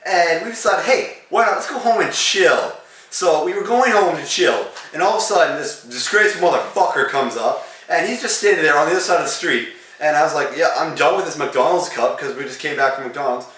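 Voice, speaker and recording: A man's voice: on the high side, fast talker, a bit bright. A teenage boy telling a crude, rambling story in a casual way, getting worked up as he goes. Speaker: vlogger. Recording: echoey room, mic far off.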